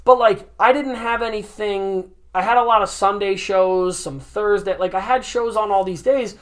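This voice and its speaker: A young man in his twenties talks on a podcast with a fairly high voice. He rambles in a casual, animated way, swearing freely and slipping into quoted voices as he tells stories. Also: normal speed, clean tone. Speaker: podcast host.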